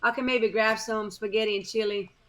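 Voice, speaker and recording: A woman with a thick Cajun accent from Louisiana chats on a podcast. She talks loud and excited, her voice sitting a little high. She is a guest, easygoing and chatty. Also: fairly quick, crowd noise. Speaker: guest, seasoning maker. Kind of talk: casual podcast chat.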